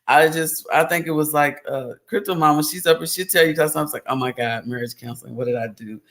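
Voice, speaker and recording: Gravelly host, tearful and heartfelt. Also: male voice, fairly high pitch, fast talker, a bit bright. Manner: emotional, rambling, heartfelt. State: in tears. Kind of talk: live stream chat.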